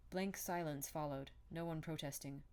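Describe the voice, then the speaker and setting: A woman's voice: low voice, steady tone, normal speed, a little mellow, clear, resonant tone. A woman reading a classic novel aloud in a plain amateur style, now and then restarting a word. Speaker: audiobook reader.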